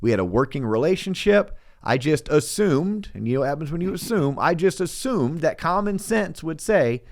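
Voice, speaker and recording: A middle-aged man hosting a podcast, telling a work story in a casual, animated way, acting out the voices he quotes, with stammered restarts. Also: a little high, moderate pace, gravelly, few pauses. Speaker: podcast host and loan officer.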